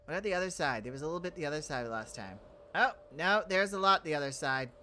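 A woman hosting a game role-play series in character, animated and swinging between alarm and calm musing. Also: low voice, fast, slight background noise. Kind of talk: in-character role-play chat with a channel outro.

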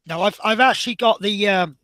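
Chatty guy building a model bus, bit high voice, dry close sound, rambles on. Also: sharp tone, dry recording. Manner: chatty, rambling, self-interrupting. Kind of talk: casual build commentary.

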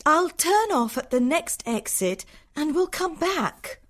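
A man's voice: very high-pitched, very animated, takes it slowly, a bit bright, voice pushed up, exaggerated voice. A man voicing a kind young woman of about twenty-two who keeps the peace, in an audiobook story.

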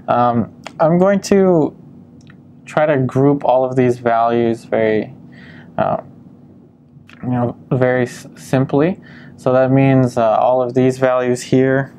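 Man, painting instructor, relaxed demo narration, soft fry in the voice. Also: medium pitch, slow pace, slight background noise. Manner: calm step-by-step explaining with frequent ums.

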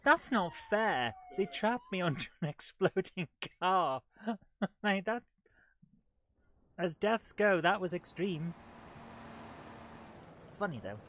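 A man's voice: sits high, lively intonation, takes it slowly, long pauses. A man hosting a live game playthrough, joking and humming to himself as he plays. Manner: jokey, sings and hums to himself. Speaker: let's play host. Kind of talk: live gameplay commentary. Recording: loud game noise and sirens behind. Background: video game sounds, sirens.

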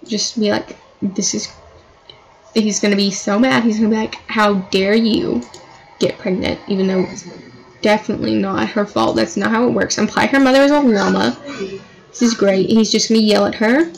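A woman's voice: medium pitch, steady tone, brisk, creaky, slight background noise, poor audio. A woman giving casual, chatty commentary while playing a life-sim game, dramatizing her characters' fights. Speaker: gameplay commentator.

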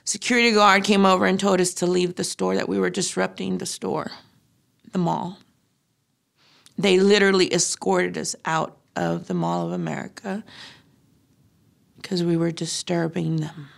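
Gravelly-voiced grieving middle-aged woman. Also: fairly low pitch. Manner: halting, grief-stricken, frequent fillers. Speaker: grieving mother interviewee. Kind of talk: emotional personal testimony.

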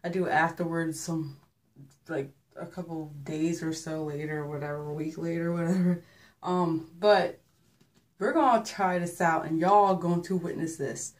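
A young hair vlogger rambles chattily through a hair-washing video, heavy on fillers and a little out of breath. She films herself on a handheld phone in her bathroom at home. Her voice is low-pitched, at normal speed, with fairly even intonation.

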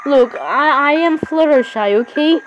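A woman voicing a timid young female pony character who speaks haltingly and stumbles over her words. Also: sits high, lo-fi sound, a little hiss or hum. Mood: shy.

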